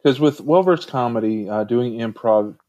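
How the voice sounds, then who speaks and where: A man's voice: mid-range voice, normal speed, no echo, highs cut off. A man who performs comedy and improv, speaking earnestly as a podcast guest and quoting scripture. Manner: earnest, cites scripture, speaks of laughter warmly. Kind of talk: conversational interview guest.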